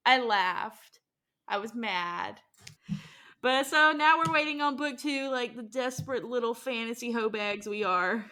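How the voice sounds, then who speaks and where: Bright high-voiced young woman podcaster. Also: a little slow. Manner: animated, acts out characters in quoted voices, laughs often. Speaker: podcast co-host. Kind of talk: casual chat about a book.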